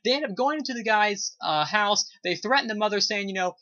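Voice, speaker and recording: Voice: medium pitch, lively intonation, quick pace, few pauses, bright, forceful tone. A video reviewer talking casually about a TV episode, rambling with lots of fillers and gushing praise. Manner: rambling, heavy use of "you know" and "uh" fillers. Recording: dull lo-fi recording.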